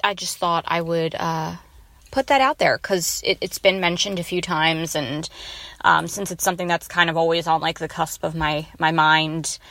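A woman's voice: deep voice, normal speed, fairly bright tone, dry recording. A woman leaving a voice memo for a show, hesitant and rambling with many fillers. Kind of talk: casual voice message.

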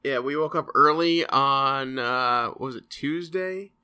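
A man's voice: medium pitch, measured pace, bright, forceful tone, clean tone. A man in his twenties casually telling travel stories on a podcast, chatty and swearing now and then. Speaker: podcast co-host. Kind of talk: casual chat.

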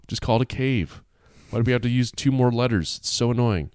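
A man's voice: medium pitch, a little fast, hardly any pauses, darkish tone, clear, resonant tone, no echo, clean studio sound. A man reading a folktale aloud, breaking off for irreverent, swearing comic asides. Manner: wry, irreverent, swears and laughs at the text. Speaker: storyteller.

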